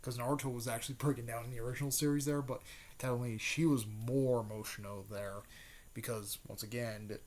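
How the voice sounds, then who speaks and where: A man's voice: medium pitch, fairly even intonation, a little fast, darkish tone. A man casually retelling an anime fan story, rambling with many fillers, restarts and repeated pet words.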